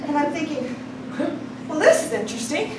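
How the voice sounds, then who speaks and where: A woman's voice: high voice, normal speed. A woman telling a personal story to a live audience, acting out the voices of the people in it and laughing often. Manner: animated, acts out quoted voices, laughing often. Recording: echoey room, distant mic, noisy.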